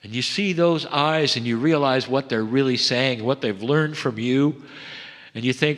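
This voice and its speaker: A man delivering a channeled spiritual message to a live audience, slow and solemn, swelling up and then sinking to a soft hush. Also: mid-range voice. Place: event hall. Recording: long hall reverb.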